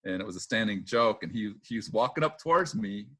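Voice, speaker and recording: A middle-aged man with a fairly low voice spins casual stories from his racing days. He mimics the people in them, laughs readily, and peppers his talk with "uh" and "um.". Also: brisk, breathy edge. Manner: lively anecdotes, acts out quotes, laughs often; filler-heavy with "uh" and "um". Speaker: retired boat racer, guest. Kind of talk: casual storytelling interview.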